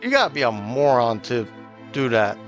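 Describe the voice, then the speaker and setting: A man's voice: medium pitch, sing-song, normal speed, dull audio, soft background music. A man streaming a video game, chatting casually with his viewers in loose slang. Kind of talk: casual live-stream commentary.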